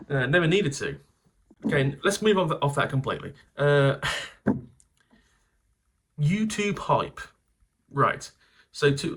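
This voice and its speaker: A man's voice: medium pitch, fairly bright tone. A man hosting his channel, telling rambling stories, swearing and laughing at himself. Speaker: channel host. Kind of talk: casual anecdotal vlog.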